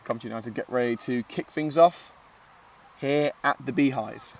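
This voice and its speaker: A man's voice: medium pitch, normal speed, darkish tone, far from the mic, slight background noise. A man giving casual live commentary at an outdoor football ground, chatty and joking with lots of filler "uh"s. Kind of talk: live amateur match commentary.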